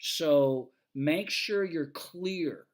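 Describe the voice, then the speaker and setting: A man's voice: on the high side, very slow. An older man, a retired fire engineer, giving a casual lecture full of folksy stories and fillers. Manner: folksy, anecdotal, with many fillers.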